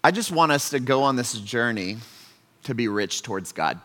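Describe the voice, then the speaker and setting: A man preaching a sermon as pastor, conversational and earnest, swinging from loud emphasis to quiet asides. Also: mid-range voice, lively intonation, moderate pace. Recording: long hall reverb.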